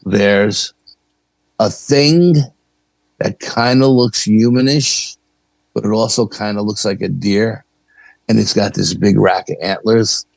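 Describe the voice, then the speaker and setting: A man's voice: lowish voice, slow pace, vocal fry, long pauses, no echo. A man, a podcast guest casually recounting a story and acting out the dialogue. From New York. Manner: animated, acts out dialogue in the story. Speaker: podcast guest, paranormal investigator.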